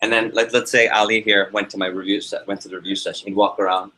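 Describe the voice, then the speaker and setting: Energetic man leading a sales workshop. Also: on the low side, quick pace, a little hiss or hum, low-quality recording. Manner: energetic, storytelling, asks the audience questions. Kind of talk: live motivational workshop talk.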